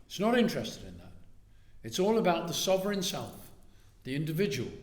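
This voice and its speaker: A man giving a lively talk on Jewish thought in a synagogue, acting out little dialogues and often asking "right?". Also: mid-range voice, moderate pace. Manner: animated, acts out little dialogues, asks "right?". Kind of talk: lively lecture to a synagogue audience. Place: synagogue hall. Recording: echoey hall.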